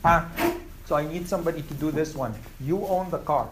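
A man teaching an Arabic class, repeating words slowly for his students. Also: a little high, a bit bright, slight background noise. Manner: slow, repeats words for learners.

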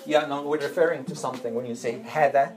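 A woman's voice: a bass voice, fairly even intonation, fast talker, background noise. Patient woman teaching an Arabic class. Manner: patient, repeats phrases, drills students.

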